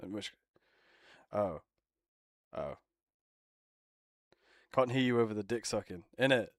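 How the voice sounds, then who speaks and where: A man's voice: fairly low pitch, expressive, slow, no echo, clean studio sound. Laughing, swearing young man. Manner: swears often, teasing, laughs a lot. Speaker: streamer. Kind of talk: casual banter with friends.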